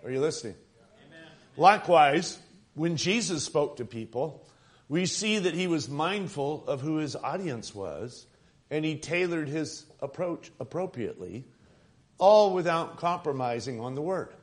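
A man's voice: fairly high pitch, lively intonation, unhurried. A male minister preaching an earnest sermon, asking the congregation questions.

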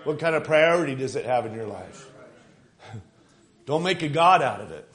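A man preaching a fervent sermon, retelling stories and building to loud exclamations. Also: medium pitch, animated, normal speed. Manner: fervent, rising to shouts, quoting and laughing.

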